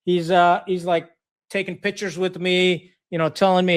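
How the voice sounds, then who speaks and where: A man's voice: sits high, flat delivery, normal speed. A middle-aged man from Pakistan, a retired Marine officer, telling war stories as a podcast guest in a blunt, profane way, full of fillers and restarts. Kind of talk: war storytelling in casual conversation.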